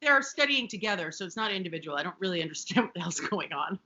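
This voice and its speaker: A woman's voice: fairly low pitch, animated, quick pace, sharp tone, highs cut off, a little hiss or hum. A woman co-hosting a podcast, chatting casually and animatedly about a sitcom episode, with profane asides. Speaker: podcast co-host. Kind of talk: casual recap chat.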